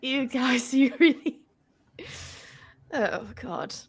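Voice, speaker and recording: A woman voicing the character Callie, speaking haltingly through tears. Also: high voice, expressive, breathy edge, voice pushed up, heavily acted. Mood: tearful. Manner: halting, emotional. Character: tearful young woman Callie.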